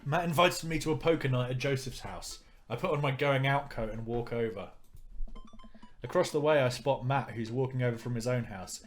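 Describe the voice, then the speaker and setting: Gruff young man reading a game aloud. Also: mid-range voice, moderate pace, faint music behind. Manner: playful, self-aware. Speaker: let's play host. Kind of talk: reading a visual novel aloud with commentary.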